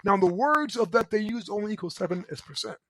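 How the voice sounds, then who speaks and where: Loud, emphatic high-voiced male coach. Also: animated, quick pace, dry recording, rough recording. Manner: loud and emphatic, keeps asking "right?". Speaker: relationship coach and show host. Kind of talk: motivational talk to an audience.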